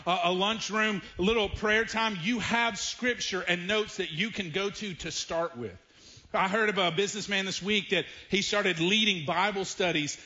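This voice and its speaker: A pastor with a Southern US accent preaching a sermon in a church, speaking emphatically and slowing down to stress key phrases. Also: male voice, sits high, sharp tone, lo-fi sound. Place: church sanctuary.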